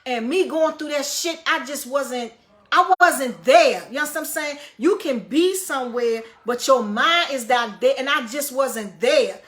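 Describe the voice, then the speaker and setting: A woman vlogger telling a story in a blunt, profane, casual way, her loudness swinging up and down with the tale. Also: high-pitched, expressive, measured pace.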